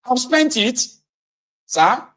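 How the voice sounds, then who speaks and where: A man's voice: very animated, extremely slow, a bit bright, exaggerated voice. A man voicing a furious male market trader who rants in outrage. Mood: outraged ranting. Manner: shrill, ranting, outraged.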